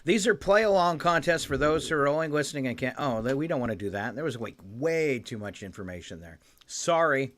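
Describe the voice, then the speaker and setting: A man hosting a morning radio show, running a trivia quiz in casual banter. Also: mid-range voice. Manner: lively quizmaster, reads trivia and headlines briskly.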